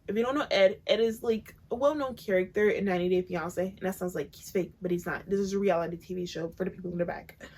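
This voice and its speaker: A woman's voice: fairly high pitch, darkish tone, rough recording. Blunt, chatty woman podcast host. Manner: chatty, blunt, profane gossip. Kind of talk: casual solo podcast chat.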